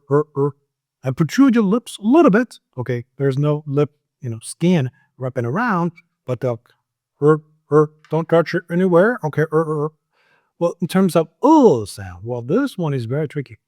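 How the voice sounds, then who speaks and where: A man who is not a native English speaker, teaching English pronunciation in a lively, coaching way with many fillers. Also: fairly high pitch, dry recording, clean studio sound. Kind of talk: pronunciation lesson.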